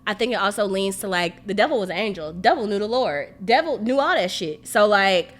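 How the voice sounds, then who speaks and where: Frank, animated woman podcast host. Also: medium pitch, a little fast. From family roots in Mississippi and Louisiana. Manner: animated, frank, swears freely, many "like" fillers. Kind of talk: casual podcast chat.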